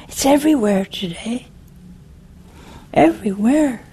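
Slow, emphatic woman preaching a sermon. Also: mid-range voice, animated, darkish tone.

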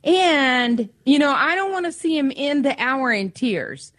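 A woman's voice: high voice, animated, measured pace, fairly bright tone, no room sound, studio quality. A woman co-hosting a radio fundraiser, playful and teasing, enthusiastically urging listeners to give. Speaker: radio co-host. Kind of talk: radio pledge drive appeal.

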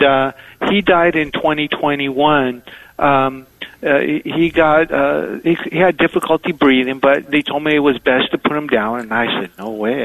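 Halting male radio caller, dry sound. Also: fairly high pitch, a bit bright, no room sound, poor audio. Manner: halting, many pauses and fillers. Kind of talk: call-in radio chat.

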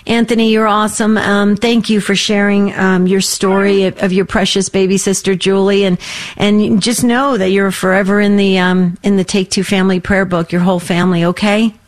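A woman's voice: mid-range voice, flat delivery, moderate pace. Encouraging woman hosting a call-in show. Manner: warm, encouraging, affirming. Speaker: radio call-in show host. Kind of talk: faith call-in radio show.

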